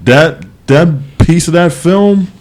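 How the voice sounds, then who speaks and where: A man co-hosting a podcast, talking casually in a rambling, animated way with many restarts and fillers. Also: on the high side, takes it slowly. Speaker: podcast co-host. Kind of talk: casual chat.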